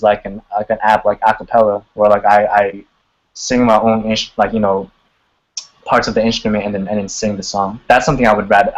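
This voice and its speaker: A man's voice: lowish voice, rough recording. A man, a singer and guest, chatting casually on a live video call in a laid-back way, cursing now and then and often laughing. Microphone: computer on a video call.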